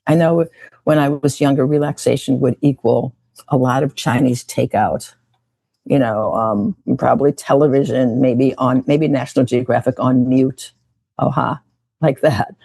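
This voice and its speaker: A woman meditation teacher who leads a slow, gentle guided meditation and talk, often repeating her phrases. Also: rumbling low, steady tone, vocal fry, no room sound.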